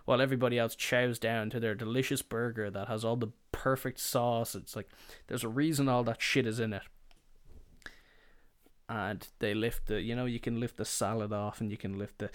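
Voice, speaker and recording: A young man, telling a loose, profane family story as a casual monologue. His voice sits at an ordinary middle pitch, recorded dry and close with no room sound. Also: fairly even intonation, moderate pace, clean tone, no echo. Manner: swearing, rambling, quoting family members. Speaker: podcast host.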